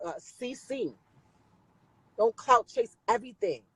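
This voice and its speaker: Husky-voiced woman ranting bluntly. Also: fairly high pitch, animated, moderate pace, long pauses, no echo, rough recording. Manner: blunt, profane, scolding; repeats phrases for emphasis. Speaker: livestreamer talking to viewers. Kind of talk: heated rant on a live stream.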